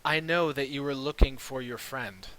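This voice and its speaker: A man voicing a very old, quiet male elf traveler who speaks slowly and cryptically over a video call mic. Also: medium pitch, close to an everyday voice, low-quality recording. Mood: cryptic. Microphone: video call microphone.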